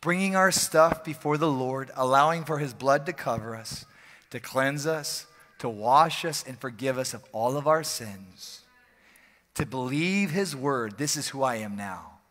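A male pastor preaching an energetic, joking, conversational sermon in a church service, often repeating phrases for emphasis. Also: mid-range voice, a little slow. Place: church sanctuary during a service. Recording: long hall reverb from a church.

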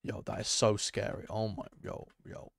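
Excitable young man streaming a game. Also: lowish voice, normal speed, gravelly, no echo, clean studio sound. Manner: excitable, chatty, addresses chat and viewers. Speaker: gaming streamer. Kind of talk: live gameplay commentary.

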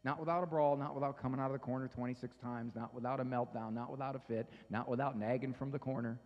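A man giving a humorous parenting talk to an audience, telling stories with lively voices. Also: medium pitch, fast, big-room sound, muffled recording. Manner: animated storytelling, acts out voices. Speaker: speaker on parenting.

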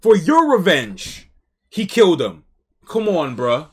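A man streaming a live reaction to a comic, reading along and breaking in with slangy, excitable commentary. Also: sits high, slow pace, slightly rough. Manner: slangy, excitable, talks back at the story.

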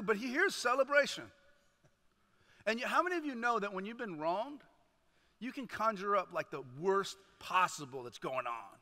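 A man preaching a sermon as a guest chaplain, animated and often asking the congregation "right?". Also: sits high. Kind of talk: energetic sermon retelling a parable. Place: church sanctuary. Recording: long hall reverb in a church.

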